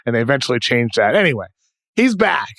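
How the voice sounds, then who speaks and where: A man with a New England accent hosting a podcast, running through quick notes and correcting himself. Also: mid-range voice, very animated, vocal fry, a bit bright, no echo. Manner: brisk rundown of notes, self-correcting. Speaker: podcast host. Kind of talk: casual podcast segment hosting.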